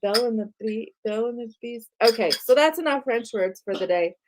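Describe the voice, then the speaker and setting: A woman's voice: a little high, lively intonation, fairly quick, noisy background. A woman hosting a live art tour for kids, playfully quizzing a child on words and laughing often. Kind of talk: live-stream lesson for kids.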